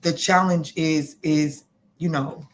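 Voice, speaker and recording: Excitable woman giving a live tarot reading. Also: low-pitched, slow. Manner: excitable, swears freely, repeats phrases. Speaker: tarot reader hosting a live stream.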